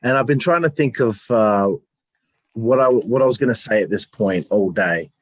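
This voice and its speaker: A man's voice: on the low side, moderate pace, slightly rough, dry recording. A man co-hosting a casual review chat, talking in a rambling, hesitant way and swearing casually. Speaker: podcast co-host.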